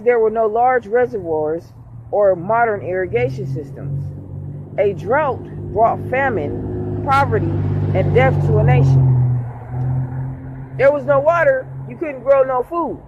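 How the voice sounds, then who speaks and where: A man's voice: very high-pitched, animated, a little slow, muffled recording, noisy background. A man leading a casual Bible lesson, reading a passage aloud and then explaining it in everyday words, checking in with his listeners as he goes. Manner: conversational, checks in with "okay?". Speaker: Bible study teacher.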